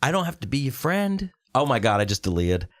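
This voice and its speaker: A man's voice: mid-range voice, fairly quick, dry recording. A man co-hosting a podcast in loose, swearing banter, with a dry, close sound. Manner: animated, swearing, breaks into exaggerated quoted voices. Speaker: podcast co-host.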